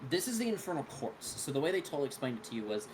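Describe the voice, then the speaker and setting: A man's voice: fairly high pitch, very animated, rapid-fire, noisy background. A man running a tabletop game, explaining the rules in a loose, rambling way full of fillers. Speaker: game master.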